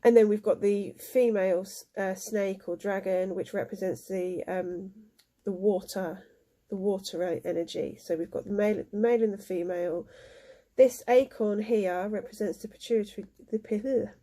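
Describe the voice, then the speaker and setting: A woman giving a spiritual card reading, emotional and halting, with many fillers. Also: medium pitch, fairly even intonation, dark tone. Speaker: tarot card reader.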